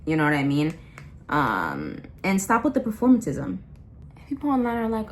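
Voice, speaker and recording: This young adult vlogger's voice is low-pitched with huge pitch swings, and she talks at a normal speed. Her casual rant is blunt and impassioned, loaded with slang, repeats and restarts.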